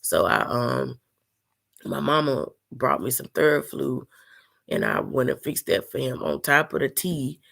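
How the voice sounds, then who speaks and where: A woman's voice: rumbling low, animated, measured pace, vocal fry, fairly bright tone. A sick woman telling a personal story to her viewers in an earnest, emotional, casual way. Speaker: vlogger.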